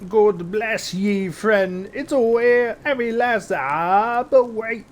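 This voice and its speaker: A man voicing an excitable male merchant in a fantasy game with a put-on British accent, high and sing-song. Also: slow pace. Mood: excited.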